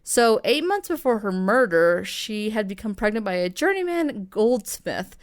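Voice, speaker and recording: A woman's voice: mid-range voice, big pitch swings, unhurried. Woman cohost chatting on a podcast, rambly, curses a lot, mid voice. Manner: rambling, swearing, giggly. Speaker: podcast co-host. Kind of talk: casual chat, storytelling.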